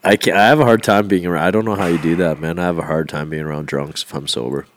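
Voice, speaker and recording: Man, podcast co-host, blunt and eager storyteller, very low voice. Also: fairly even intonation, fast, slight background noise. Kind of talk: casual chat, storytelling.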